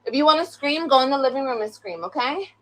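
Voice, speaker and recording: A woman's voice: high voice, animated, fast talker. A young woman on a casual live stream, blunt and profane, scolding her children between complaints about critics. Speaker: livestreamer.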